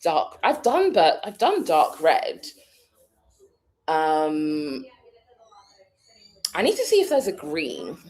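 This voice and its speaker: A British woman vlogger chats with her audience in a relaxed way, breaking into laughter as she thinks aloud. Her voice sits low but moves through a lively, animated range. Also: slow pace, long pauses. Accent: British English. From United Kingdom. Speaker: vlogger answering a live chat. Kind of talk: casual chat.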